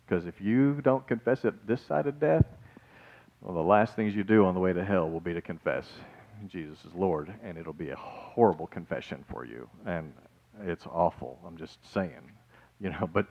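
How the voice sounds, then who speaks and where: Male pastor, lower voice, animated joking sermon delivery, slightly muffled recording. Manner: lively, jokey preaching with asides and acted-out quotes.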